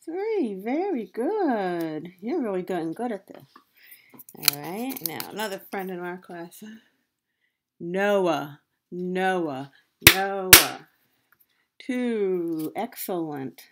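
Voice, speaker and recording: Slow, patient woman teacher, noisy recording. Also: fairly low pitch. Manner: slow, drawn-out syllable-by-syllable repeating of names, encouraging. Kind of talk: online class lesson for young children. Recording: loud steady background noise with clicks.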